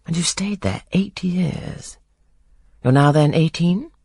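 A reader voicing a stern, brusque older gentleman in an audiobook of a classic novel, questioning curtly and giving orders. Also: medium pitch, expressive, takes it slowly, husky, dry recording, pitched above the performer's own voice, full character voice. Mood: commanding. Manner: curt, imperious questioning.

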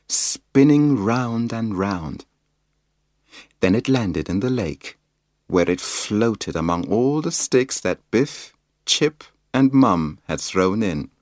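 A man reading a children's picture book aloud in a slow, expressive storytelling manner. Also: fairly low pitch, dry recording, studio quality. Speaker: storybook reader.

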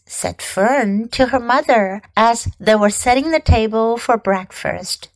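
A woman teacher reading a classic storybook aloud in a slow, expressive way. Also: on the high side, no echo, low-quality recording.

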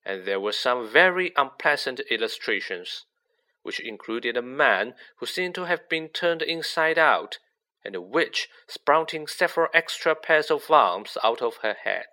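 A man reading a children's novel aloud as narrator, with lively expression. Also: medium pitch, unhurried. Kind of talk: audiobook reading.

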